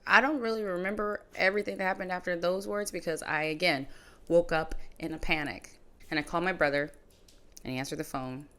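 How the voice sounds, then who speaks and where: A woman hosting a podcast, reflectively retelling a personal story in a conversational way, her phrases often trailing off softly. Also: fairly low pitch, steady tone, fairly quick, smooth. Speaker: podcast host.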